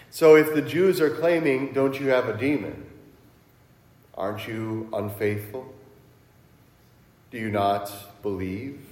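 A male pastor who grew up around Cincinnati, delivering an animated sermon and acting out his opponents' voices. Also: mid-range voice. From Cincinnati area, US. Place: church sanctuary. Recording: echoey church heard from a distance.

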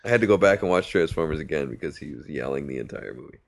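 A man's voice: extremely low pitch, animated, fast talker, creaky. A man co-hosting a podcast, telling funny stories in casual chat and laughing at his own jokes. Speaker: podcast co-host.

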